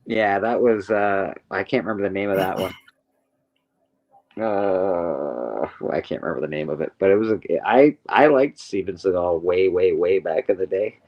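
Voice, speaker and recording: A man's voice: sits low, moderate pace, highs cut off. A man hosting a casual podcast chat, laid-back, laughing easily and swearing casually. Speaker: podcast host.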